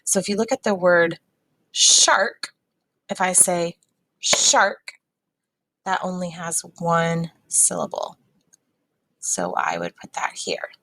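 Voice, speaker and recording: A woman teaches a recorded phonics lesson to young children, sounding each word out patiently. Her voice sits low and has a gravelly fry. She speaks at an unhurried, deliberate pace. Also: fairly bright tone, poor audio. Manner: patient, slow, sounding words out.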